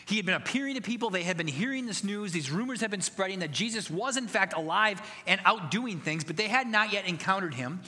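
A man's voice: high voice, lively intonation, a little fast, few pauses, bright, forceful tone, in a large hall. A man preaching a sermon as pastor, earnest and conversational, building to emphatic passages.

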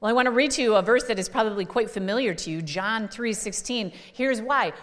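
A woman's voice: a little high, a little fast, few pauses, a bit bright. Woman preaching in a reverberant hall. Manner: conversational preaching with fillers and restarts. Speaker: pastor. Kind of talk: sermon. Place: church.

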